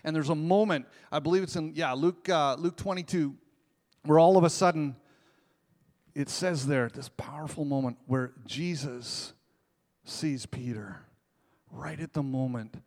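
A man preaching a sermon as pastor, moving between hushed, intimate passages and loud, impassioned stretches, with casual asides and rhetorical questions to the congregation. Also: fairly high pitch, unhurried.

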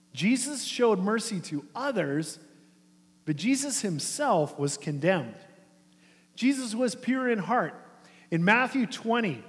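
A man preaching a sermon to his congregation, animated and conversational, dropping soft and slow to stress a point. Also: sits high. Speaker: pastor. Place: church sanctuary. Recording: long reverb of a church hall.

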